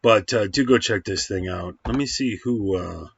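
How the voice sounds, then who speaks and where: A man's voice: fairly low pitch, normal speed, creaky, highs cut off, slight background noise. A man rambling through a casual film review at home, full of fillers and restarts. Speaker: movie reviewer.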